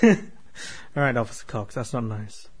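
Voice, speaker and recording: A man's voice: medium pitch, lively intonation, measured pace, breathy edge. An Australian man co-hosting a casual podcast, playfully ribbing his friend and giggling often. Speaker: podcast co-host.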